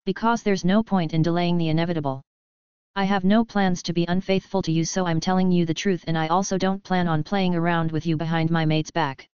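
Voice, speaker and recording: A woman voicing a diplomatic young werewolf heir in an audiobook, measured and careful with each word. Low-pitched and very smooth, on a dry, slightly dull recording. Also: fairly even intonation, darkish tone, no echo, natural voice.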